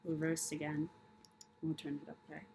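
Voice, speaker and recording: A woman's voice: low-pitched, completely flat delivery, moderate pace, creaky, background noise. A woman reading tarot cards in a casual monologue, delivering blunt, profane tough love with emphatic repetition and rhetorical questions. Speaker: tarot reader.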